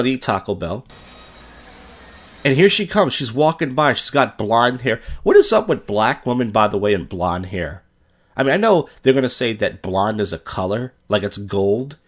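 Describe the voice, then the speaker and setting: Guy ranting on his podcast, swears a ton, voice jumps all over. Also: lowish voice. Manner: blunt, profane, opinionated. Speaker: podcast host. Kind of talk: crude ranting commentary on viral clips.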